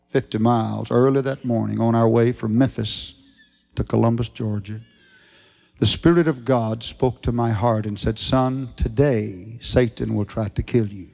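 A man preaching a revival sermon, folksy and storytelling, rising to shouted fervor. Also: medium pitch, gravelly. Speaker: evangelist preacher.

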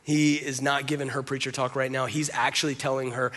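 A man's voice: mid-range voice, little pitch movement, brisk, hardly any pauses, fairly bright tone. A man preaching a sermon, talking conversationally and with strong emphasis, often acting out quotes. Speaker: pastor.

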